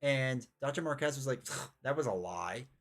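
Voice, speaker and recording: A man's voice: medium pitch, lively intonation, moderate pace, fairly bright tone. A man hosting a live board game stream, thinking aloud in an offhand way. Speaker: stream host running the game.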